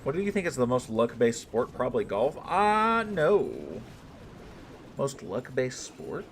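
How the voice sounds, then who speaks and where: A man's voice: medium pitch, sing-song, moderate pace, a little hiss or hum. A man from the United States chatting casually on a livestream, swearing freely, laughing often and teasing his chat. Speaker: streamer reading and answering chat.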